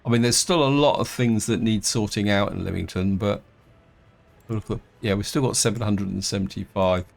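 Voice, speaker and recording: A man's voice: fairly low pitch, normal speed, vocal fry. A middle-aged man casually commenting on his gameplay, thinking aloud with hesitant restarts and fillers. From England. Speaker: game let's-player.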